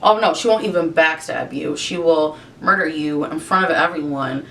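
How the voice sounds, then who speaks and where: Young woman, gravelly low voice, exasperated profane rant, makeup vlog, mic a bit distant, faint rumble. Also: moderate pace, fairly bright tone. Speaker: vlogger. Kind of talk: rant while doing makeup.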